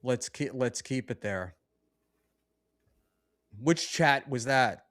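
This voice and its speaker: Man, stream host, casual chat, smooth voice, dry sound. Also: medium pitch, expressive, slow, a bit bright, dry recording. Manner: bossy, reads out donations. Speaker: podcast host.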